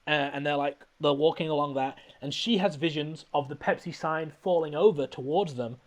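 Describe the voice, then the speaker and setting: Podcast host, male, higher-pitched, rambling comedic recap, laughs a lot. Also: moderate pace. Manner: rambling, laughing often, animated. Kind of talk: casual comedic movie recap.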